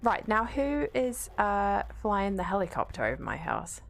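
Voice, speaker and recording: A woman's voice: medium pitch, sing-song, moderate pace, gravelly, a little hiss or hum. Swearing woman streaming a game. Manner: chatty and swears freely, reads chat aloud. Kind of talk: casual chat while playing a game.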